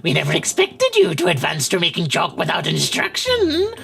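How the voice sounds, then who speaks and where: A man putting on a high, creaky witchy voice to read a witch's note aloud in a video game. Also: huge pitch swings, normal speed, bright, forceful tone, heavily acted. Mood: grand, mocking. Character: creaky, theatrical old witch woman.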